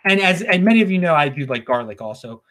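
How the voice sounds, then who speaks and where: A man's voice: a little high, sing-song, quick pace, a bit bright. Rambling, stammering man. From Baltimore, USA. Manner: rambling, stammering with repeated words and chuckles. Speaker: show host. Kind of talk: casual solo commentary.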